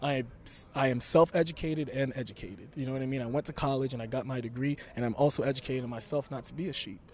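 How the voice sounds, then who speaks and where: A man's voice: medium pitch, quick pace. A young man from Brooklyn, talking brashly and emphatically as a wrestler guest in an interview. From Brooklyn, New York. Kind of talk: interview talk.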